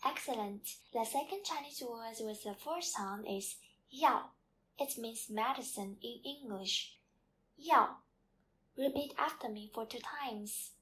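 A woman's voice: on the high side, unhurried, a bit bright. A woman teaching as a language teacher, leading a patient, repetitive pronunciation drill.

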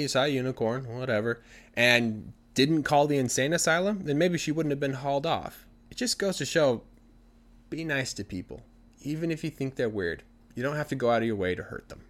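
A man retelling a story for language learners in an animated, conversational way. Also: a little high, moderate pace.

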